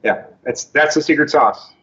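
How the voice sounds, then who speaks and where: A man's voice: a little high, moderate pace, a bit bright, lo-fi sound. A man as a guest dentist in a casual interview, agreeable, mostly answering with short affirmations.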